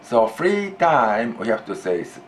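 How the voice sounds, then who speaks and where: A Japanese man with a Japanese accent teaching a language lesson, deliberate and repeating key phrases while stretching out example phrases. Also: mid-range voice, big pitch swings, a little hiss or hum.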